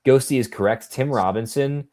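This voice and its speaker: A man's voice: mid-range voice, moderate pace, a little mellow, no echo. A man co-hosting a live tennis watchalong, mixing jokey asides with casual play-by-play. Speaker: watchalong co-host and commentator.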